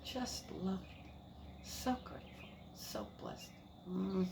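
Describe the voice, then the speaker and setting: A grandmother recounts family stories at a slow pace, her medium-pitched voice very animated against a noisy background. The chat is casual and meandering, warm with laughs and peppered with recurring fillers.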